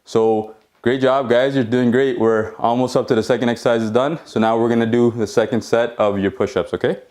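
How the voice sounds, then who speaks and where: A man's voice: medium pitch, fairly even intonation, fairly quick, a little mellow. Male fitness instructor, home workout, supportive rep-counting coach who keeps asking "okay?". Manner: encouraging, checks in with frequent "okay?"; counts reps while exercising along.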